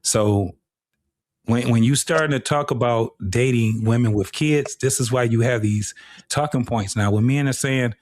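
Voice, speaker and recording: A man's voice: medium pitch, normal speed, a little mellow. Blunt, profane middle-aged man host. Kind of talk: casual live commentary.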